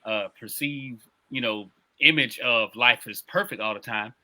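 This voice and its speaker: A man's voice: mid-range voice, measured pace, bright, forceful tone. A man in casual conversation who affirms and builds on what the other speaker says. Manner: affirming, conversational, laid-back.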